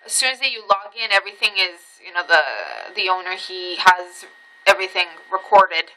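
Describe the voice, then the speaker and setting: A woman's voice: lowish voice, normal speed, sharp tone, low-quality recording. A young woman telling a rambling personal story in a casual vlog, swearing freely and breaking off into asides. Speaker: vlogger.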